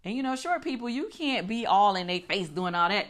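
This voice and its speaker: A middle-aged woman hosting a casual recap chat, animated and swearing, acting out her own reactions. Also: medium pitch, brisk. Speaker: show host.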